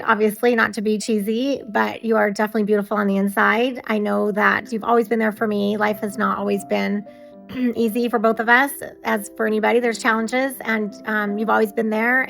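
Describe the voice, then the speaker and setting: Gravelly-voiced woman with a tender, halting message. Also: medium pitch, fairly bright tone. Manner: tender, halting, with many pauses and fillers. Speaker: friend giving a birthday tribute. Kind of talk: heartfelt recorded message.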